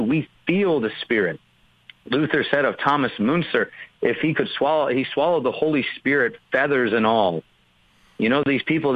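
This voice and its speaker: A man's voice: medium pitch, dry recording, muffled recording. A man, a pastor, explaining theology in an earnest, emphatic way during a podcast discussion.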